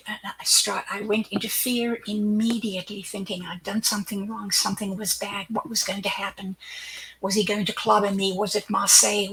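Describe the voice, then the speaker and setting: Her voice medium-pitched and gravelly, an older woman being interviewed animatedly recounts a personal story. She performs the dialogue she quotes and now and then drops to a hushed aside, all on a rough recording.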